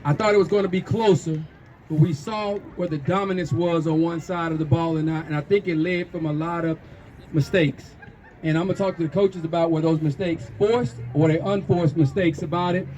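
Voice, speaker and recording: A man's voice: on the high side, steady tone, fairly quick, a little mellow, slight background noise, poor audio. Upbeat man hosting a youth football show. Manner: upbeat promoter's hype, punchy short phrases. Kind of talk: sideline interview after a game. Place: outdoors at a football field.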